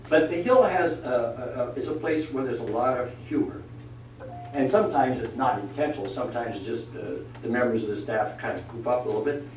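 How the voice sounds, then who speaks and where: An older man telling folksy, animated stories about his working life to a church class, acting out the voices of the people he quotes. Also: mid-range voice. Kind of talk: anecdotal storytelling talk. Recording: echoey room from far off, dull lo-fi sound, faint noise.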